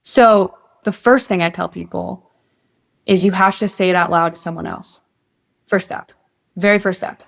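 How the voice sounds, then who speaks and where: A woman's voice: fairly low pitch, fairly even intonation, normal speed, vocal fry. Earnest, motivational young woman guest. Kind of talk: casual interview.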